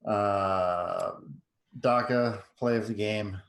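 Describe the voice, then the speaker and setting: A man playing in a tabletop game, talking in a slow, sleepy, hesitant way as he signs off. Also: on the low side, fairly even intonation, echoey room. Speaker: player. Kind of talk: casual chat.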